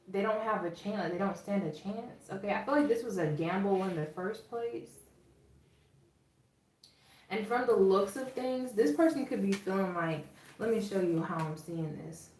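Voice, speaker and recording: A woman's voice: mid-range voice, a little mellow, a little hiss or hum. A woman with a Southern drawl giving a casual tarot reading to her viewers, chatty and emphatic, often checking in with "okay?". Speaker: tarot reader. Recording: roomy echo, distant from the mic.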